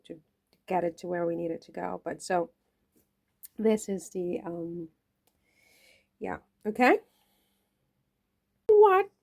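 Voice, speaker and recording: A woman's voice: on the low side, vocal fry, mellow. A woman chatting casually to the camera while she cooks in her home kitchen, playful and rambling, laughing at her own jokes. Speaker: cooking vlogger. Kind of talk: casual cooking chat to camera.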